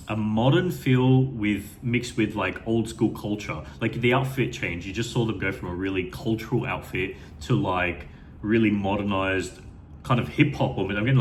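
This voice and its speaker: A man's voice: lowish voice, slight background noise. A man giving an unscripted first-time reaction to a music video, rambling with enthusiasm and plenty of fillers and restarts.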